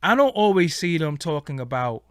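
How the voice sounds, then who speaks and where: A man with a slightly high voice holds forth in a casual, profane commentary monologue. His pitch swings widely as he tells it, and the recording is dry and close. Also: moderate pace, smooth, no room sound. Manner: blunt, profane, animated storytelling. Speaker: show host.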